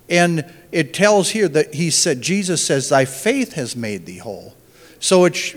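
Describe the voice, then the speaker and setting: A man's voice: a little high, long reverb tail. A man giving an informal Bible teaching, thinking aloud and often restarting his phrases.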